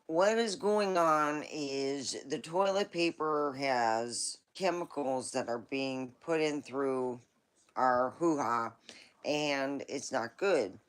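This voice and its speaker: A woman's voice: a bass voice, takes it slowly. A woman hosting a live stream, chatting casually in a rambling, folksy storytelling way.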